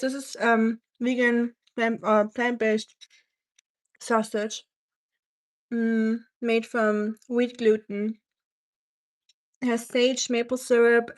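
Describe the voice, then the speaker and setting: A woman from Germany hosts a cooking live stream and speaks English with a German accent. She chats loosely and answers viewer comments one after another. Her voice sits a little on the high side. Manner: chatty, reads viewer comments aloud and answers them. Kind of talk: casual live-stream chat while cooking.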